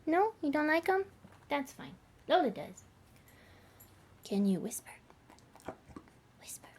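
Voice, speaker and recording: Young woman, high voice, swooping pitch, slow unhurried talk, bubbly dog praise. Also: big pitch swings, a little mellow, slight background noise. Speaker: vlogger training her dog. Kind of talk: casual dog training vlog.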